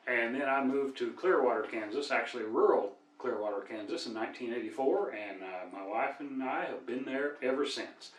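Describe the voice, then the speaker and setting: An older man with a Midwestern accent telling deadpan folksy jokes as a cowboy entertainer. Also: mid-range voice, moderate pace. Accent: American Midwest. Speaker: storyteller and cowboy singer. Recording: echoey room, mic at a distance.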